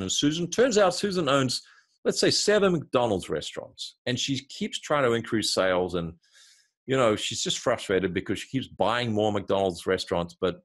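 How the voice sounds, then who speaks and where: A marketing consultant with a lowish voice is interviewed as a guest, illustrating his ideas with a lively storytelling example walked through step by step.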